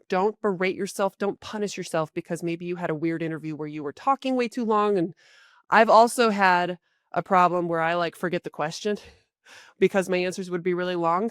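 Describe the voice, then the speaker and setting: A woman career coach hosting a podcast, giving casual advice in a chatty way with many fillers and sudden jumps in pitch and volume. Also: dry recording, clean studio sound. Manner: animated, with big jumps in pitch and loudness; acts out short quoted exchanges.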